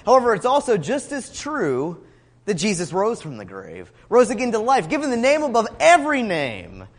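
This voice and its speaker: A man preaching a sermon, expressive, rising to emphatic cries when he quotes scripture. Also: high-pitched, normal speed, long reverb tail. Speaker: pastor.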